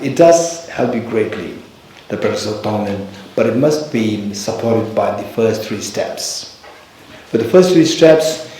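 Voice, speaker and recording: A man's voice: medium pitch, dark tone. Man teaching in a very echoey hall. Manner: storytelling, halting restarts, bursts of emphasis. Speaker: Buddhist teacher leading a retreat. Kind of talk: dharma talk with personal anecdote. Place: large temple hall.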